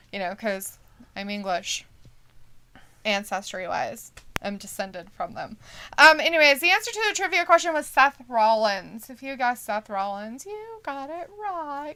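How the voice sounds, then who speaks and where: Bright high-voiced woman reading chat. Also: clean tone. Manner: reads chat comments aloud, laughs often, swears casually. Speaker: stream co-host. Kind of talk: casual live watch-along chat.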